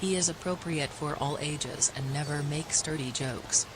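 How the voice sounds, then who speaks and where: A man putting on the voice of a soft-spoken male fan who gushes over the streamer and urges viewers to follow him. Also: noisy background. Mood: gushing. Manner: gushing, slow sales pitch. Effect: audio-bounced clip.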